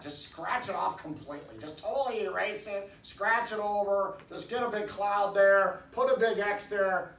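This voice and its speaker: Rambling preacher man in an echoey hall. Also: high voice. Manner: loose, rambling preaching with restarts, rising to loud emphatic bursts. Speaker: pastor. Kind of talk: casual sermon. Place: church hall. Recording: echoey room, distant mic, faint background noise.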